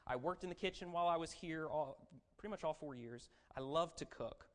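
Sermon, conversational preacher, middle pitch, asks the crowd questions, self-deprecating jokes. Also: fairly quick. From raised as a Baptist missionary and pastor's kid.

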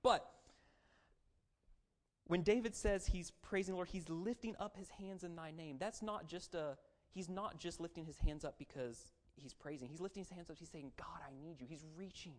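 A preacher giving a sermon in a conversational way, asking the audience questions and adding self-deprecating jokes. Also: mid-range voice. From raised as a Baptist missionary and pastor's kid.

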